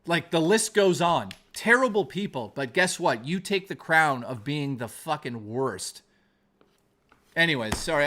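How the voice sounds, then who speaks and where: A man's voice: on the high side, animated, a little slow, pushed and bright. A man on a live stream ranting in anger, swearing often, then reading his chat aloud. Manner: heated, profane, repetitive ranting.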